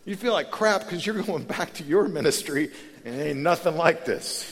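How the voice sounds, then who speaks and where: Candid pastor in a reverberant hall. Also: male voice, fairly high pitch, moderate pace, background noise. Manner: candid, conversational, swings from hushed to loud and animated. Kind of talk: conference sermon.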